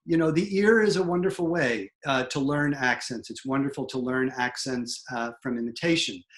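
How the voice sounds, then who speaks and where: A theatre professor who also works as a dialect coach lectures online over a video call. His medium-pitched delivery is animated and emphatic.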